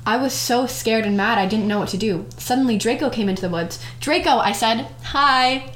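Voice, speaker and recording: A woman's voice: medium pitch, fast talker, a little hiss or hum. Giggly young woman reading aloud, roomy. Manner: giggly, mock-dramatic reading with frequent laughs. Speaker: podcast co-host. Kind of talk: casual chat, reading a fanfic aloud. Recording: echoey room on a home mic.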